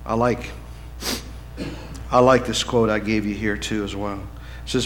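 A man preaching a sermon as pastor in his church, conversational, swinging from loud emphatic lines to hushed, low ones. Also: steady tone, unhurried, long pauses, a little hiss or hum, rough recording.

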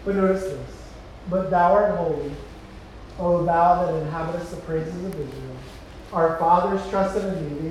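A man preaching a sermon as a pastor, swinging between loud impassioned cries and hushed low passages. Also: a little hiss or hum. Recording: echoey hall from far off.

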